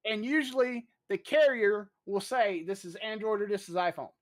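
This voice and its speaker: Profane, fast-storytelling podcast host. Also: medium pitch. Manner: profane, animated anecdote-telling. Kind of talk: casual storytelling chat.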